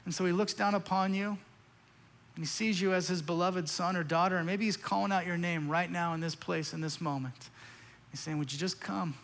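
Guy preaching in a church, high voice, long hall echo, earnest and pleading. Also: fairly even intonation, moderate pace, a bit bright. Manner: earnest, pleading, repeats phrases. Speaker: pastor. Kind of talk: sermon.

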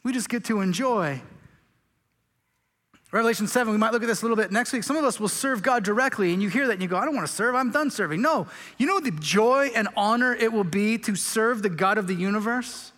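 A man's voice: high voice, fairly quick, fairly bright tone. A man preaching a sermon as pastor, joking and casual, stumbling over words and restarting often. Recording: long hall reverb.

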